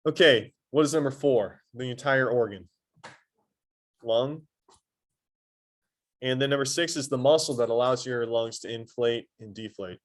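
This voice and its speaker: A man teaching a high school anatomy lesson in a classroom, quizzing his students and adding playful asides. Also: measured pace, long pauses. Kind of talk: classroom lecture.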